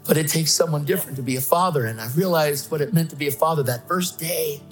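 A man's voice: fairly high pitch, fast, soft background music. A man preaching an emphatic sermon, telling his own story and acting out voices. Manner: emphatic, excitable, acts out voices. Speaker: guest speaker preaching. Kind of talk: sermon with personal testimony.

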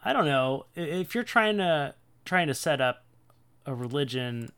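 A man's voice: a little high, animated, unhurried, a bit bright, clear, resonant tone. A man hosting a casual podcast, chatty and laughing, with many fillers and restarts. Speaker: podcast host. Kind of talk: casual podcast talk on scripture.

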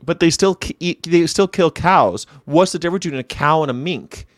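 A middle-aged man talks in a casual, sarcastic rant, bursting out loud and then dropping to a mutter. His voice sits a little high. The sound is dry and close, with no room echo. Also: brisk. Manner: sarcastic, ranting, swings from loud outbursts to low mutters. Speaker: vegan commentary host. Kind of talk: casual ranting monologue.

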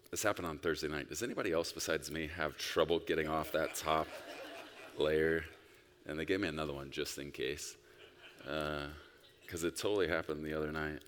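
Man, pastor, sermon, low voice, emphatic, long hall reverb. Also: moderate pace. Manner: emphatic, rising to loud bursts then dropping soft. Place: church sanctuary.

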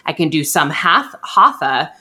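A young woman hosting a podcast, telling a story in a chatty, animated way and acting out what others said. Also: low-pitched, unhurried. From USA. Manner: chatty, animated, acts out quoted voices. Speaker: podcast host. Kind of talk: casual storytelling chat.

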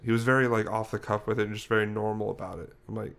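Fairly low yet a bit bright, creaky and level in tone, a young podcast co-host's voice moves fairly quickly. He drifts through a story in casual chat, stopping to fix what he's said.

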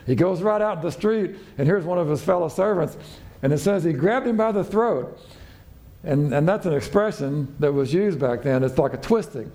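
Male pastor, mellow and warm in tone, casual storytelling sermon that jumps up in pitch for quoted voices. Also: a little fast. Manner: conversational storytelling, acting out quotes with raised pitch.

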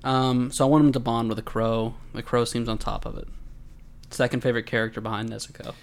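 Animated sarcastic man podcasting. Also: medium pitch, quick pace. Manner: animated, sarcastic, acts out quoted lines. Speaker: podcast co-host. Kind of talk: casual anime recap chat.

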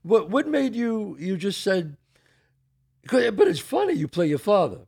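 Lively, higher-voiced male host, dry sound. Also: unhurried, gravelly, slightly rough, no echo. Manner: short encouraging interjections. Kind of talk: casual interview chat.

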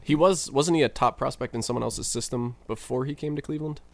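A man's voice: medium pitch, fast, creaky, darkish tone, no room sound. Man, podcast host, casual chat, inquisitive, asks follow-ups.

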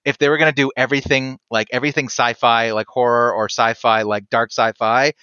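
A man on a podcast chatting casually about a TV episode, rambling and halting with dry sarcasm. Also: mid-range voice, steady tone, bright, forceful tone, smooth. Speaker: podcast co-host. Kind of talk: casual chat. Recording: dull lo-fi dry sound.

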